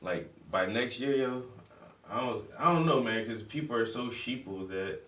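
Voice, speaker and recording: A man's voice: mid-range voice, expressive, moderate pace, a bit bright. A man hosting a casual livestream chat, laid-back and rambling, with lots of slang. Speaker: host. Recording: echoey room, far from mic, faint noise.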